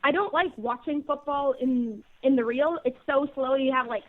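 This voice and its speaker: High-voiced Canadian woman on a phone line. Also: normal speed. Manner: energetic, slangy, laughs easily. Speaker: co-host. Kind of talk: casual radio chat.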